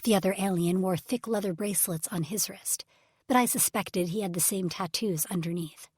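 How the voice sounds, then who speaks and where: Female audiobook narrator, husky and breathy, emotional first-person reading. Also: lowish voice, fairly even intonation, moderate pace, no echo, clean studio sound. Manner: emotional first-person storytelling, drops to whispers. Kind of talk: scripted narration.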